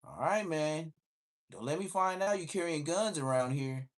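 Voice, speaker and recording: A man's voice: on the high side, animated, normal speed, voice pushed up, close to an everyday voice. A man doing a nosy older cop. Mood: prying. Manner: casual, probing questions. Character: older male cop, friendly but prying.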